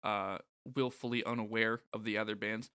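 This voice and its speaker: Sarcastic guy on a podcast, bright crisp voice, dry close sound. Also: on the low side, level tone, normal speed, dry recording. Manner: wry, sarcastic, profane. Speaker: podcast co-host. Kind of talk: casual chat.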